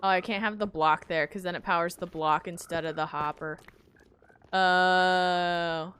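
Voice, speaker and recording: A woman's voice: on the low side, fairly even intonation, measured pace, fairly bright tone, clean tone. A woman streaming a game, chatting to herself and her viewers as she builds, mocking her own mistakes. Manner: self-mocking, talks to herself while building. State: hiccups. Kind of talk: casual gameplay commentary.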